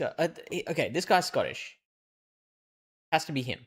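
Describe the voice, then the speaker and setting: A man's voice: fairly high pitch, big pitch swings, normal speed, long pauses, slightly rough. A male streamer giving live commentary on a game, thinking aloud and reasoning through clues.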